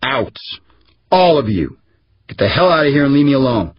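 A man's voice: lowish voice, a little slow, dull audio, a little hiss or hum, lightly acted. A man reading the lines of a furious, domineering older tycoon who growls and barks orders. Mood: yelling. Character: raging powerful older male tycoon.

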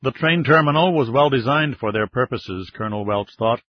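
Husky male audiobook narrator. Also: medium pitch, normal speed, no echo. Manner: steady, even storytelling. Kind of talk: scripted narration. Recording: dull, slightly muffled audiobook sound.

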